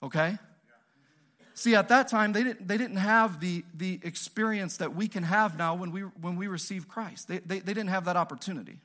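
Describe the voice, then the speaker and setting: A male pastor preaching a sermon in an animated, joking, conversational way, often asking the audience questions. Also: high-pitched, moderate pace.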